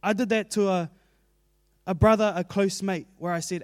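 With a steady tone and moderate pace, this preacher delivers an earnest sermon in a conversational, fairly high voice. He stays plain and personal, adding asides about his own life. There's no room echo; the sound is dry and close.

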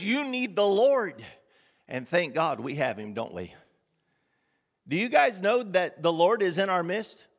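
High-voiced man preaching in a hall. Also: a bit bright. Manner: emphatic, rhetorical questions and repetition. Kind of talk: sermon.

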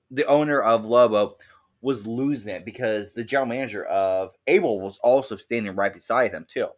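A man co-hosting a podcast, telling animated stories in casual chat and swearing freely. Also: on the low side, brisk. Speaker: podcast co-host.

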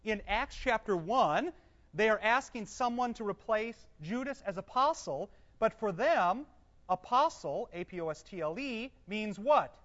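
A Bible teacher giving a class to a live group, reading scripture aloud slowly, explaining it, and quizzing the room with questions he then answers himself. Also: medium pitch, lively intonation, fairly bright tone. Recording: dull, echoey hall recording.

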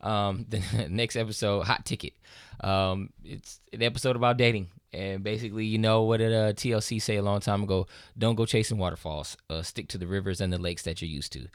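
Brisk and fairly low-pitched, the American podcast co-host has a clean tone and talks casually, peppering his speech with fillers. Story retellings make him animated, and the studio-quality recording has no echo.

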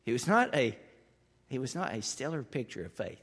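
A man preaching a sermon with passion, building to loud emphatic peaks and then dropping low and quiet. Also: big pitch swings, moderate pace, slightly rough. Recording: long hall reverb.

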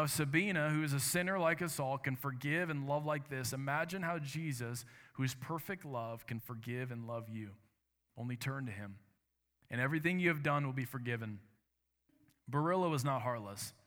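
Pastor, male, mid-pitched, earnest sermon storytelling, long church reverb. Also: fairly bright tone. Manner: earnest, measured storytelling with dramatic quoted lines. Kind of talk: sermon with a read-aloud story.

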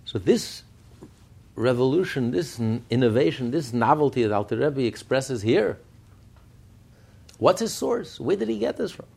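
A man gives a Chassidic Torah lesson in a gravelly, husky voice. His pitch swings widely as he tells stories. He keeps pressing his listeners with rhetorical questions. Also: big pitch swings, normal speed, pauses often, a little mellow. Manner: fires rhetorical questions, storytelling. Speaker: Torah teacher.

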